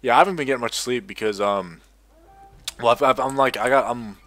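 A man's voice: mid-range voice, a little fast, fairly bright tone. A sleep-deprived young man giving rambling, profane, self-mocking commentary while he plays an online game. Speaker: gaming video creator. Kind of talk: casual gameplay commentary.

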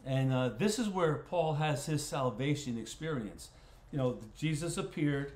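A man's voice: medium pitch, animated, measured pace, a little mellow. Folksy man teaching Bible study in a roomy space. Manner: folksy, repeats words while thinking aloud. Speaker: pastor leading a Bible study. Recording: roomy echo.

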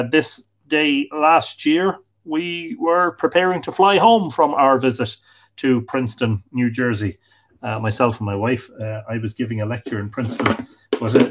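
A middle-aged Irish man hosting a casual livestream, chatting and greeting viewers by name, a little tired from a sore back. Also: mid-range voice. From Ireland. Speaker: livestream host. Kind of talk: casual livestream chat, reading comments.

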